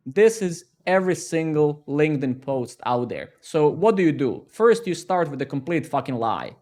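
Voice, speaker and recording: A man's voice: a little high, lively intonation, moderate pace, few pauses, darkish tone. Rambling, sarcastic man live-streaming. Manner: rambling, sarcastic, profane, self-mocking. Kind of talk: casual live-stream chat.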